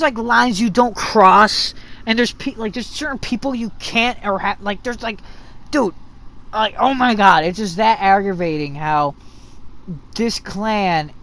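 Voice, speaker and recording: A gaming channel host giving an unscripted, profane rant that rambles with restarts. The host now and then mocks others in shrill put-on voices. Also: fairly bright tone.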